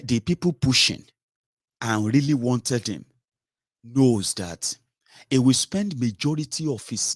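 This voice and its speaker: A man's voice: medium pitch, no room sound, studio quality. A man hosting his own political commentary, scolding and lecturing his listeners in an opinionated monologue. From Nigeria.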